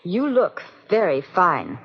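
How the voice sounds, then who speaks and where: An actress playing a kind woman who cares for patients on a hospital ward, soft and formal in speech. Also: on the low side, sing-song, takes it slowly, husky, full character voice. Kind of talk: 1950s radio drama acting. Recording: dull lo-fi old radio broadcast.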